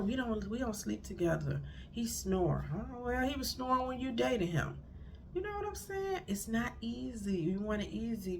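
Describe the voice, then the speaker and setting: Gravelly, blunt woman giving advice. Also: mid-range voice, slight background noise. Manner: chatty, blunt, rambling with self-corrections. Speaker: marriage counselor and life coach vlogger. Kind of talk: casual advice monologue to camera. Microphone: phone recording.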